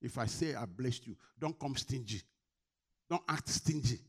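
A man preaching a sermon, asking the congregation questions and answering them, swinging between loud and quiet. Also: medium pitch, a little slow, husky.

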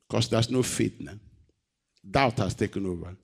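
A man preaching a sermon, reading scripture and asking the congregation questions, moving between loud, raised emphasis and quiet, low delivery. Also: normal speed, gravelly, pauses often, breathy edge. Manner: asks the congregation rhetorical questions.

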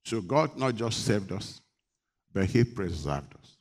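A man's voice: fairly low pitch, sing-song, slow pace. A man preaching a sermon, leading the congregation in call-and-response and rising to emphatic declarations. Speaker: pastor.

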